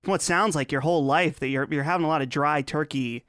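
A man in a casual podcast chat, speaking hesitantly and halting between thoughts. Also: fairly high pitch, fairly bright tone, no echo, studio quality.

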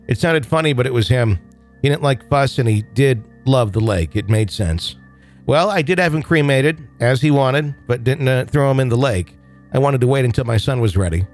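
A man's voice: medium pitch, normal speed, faint music behind. Guy hosting a podcast, chill and jokey, lots of ums, reads stories aloud. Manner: relaxed, joking, with many fillers. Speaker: podcast host. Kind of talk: casual chat and reading listener stories.

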